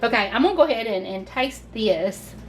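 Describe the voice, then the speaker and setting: A woman's voice: fairly high pitch, expressive, fairly quick, a little hiss or hum. A Southern woman hosting a casual home cooking video, chatty and gushing as she talks viewers through the steps. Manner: chatty and gushing, says y'all a lot. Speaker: cooking channel host.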